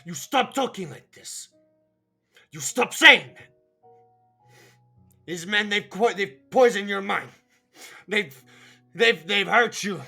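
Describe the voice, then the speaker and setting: A man's voice: sits high, expressive, fairly quick, vocal fry, hardly any pauses, sharp tone, husky, soft background music, pitched above the performer's own voice, heavily acted. A man voicing a desperate father who screams the same words over and over in rage and grief. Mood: furious pleading. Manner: screaming, repeating himself.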